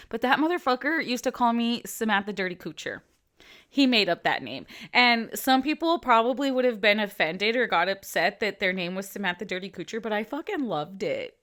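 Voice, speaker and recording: A woman's voice: a little high, lively intonation, normal speed, fairly bright tone. A woman in her thirties giving casual, blunt commentary as a vlogger. She swears freely and drops into whispered asides.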